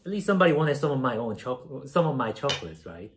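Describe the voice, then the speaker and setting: A man's voice: mid-range voice, sing-song, fast talker, noisy background. A young man from South Korea casually telling a story while baking, rambling and self-deprecating, with many fillers. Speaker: streamer.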